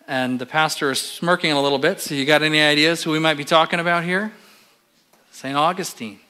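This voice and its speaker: A man preaching a sermon in a relaxed, conversational way, with frequent fillers, pausing to quiz the congregation. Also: fairly high pitch.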